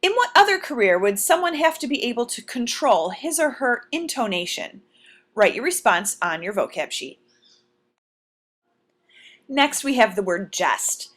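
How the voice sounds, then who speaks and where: A woman teacher giving a recorded vocabulary lesson, explaining words clearly and deliberately and posing questions to her students. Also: a little high, big pitch swings, a bit bright.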